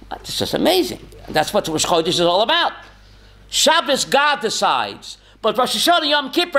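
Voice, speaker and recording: A man, a rabbi teaching a lively Torah class, asking rhetorical questions and calling on students by name, often chuckling. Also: high-pitched, vocal fry, a little hiss or hum.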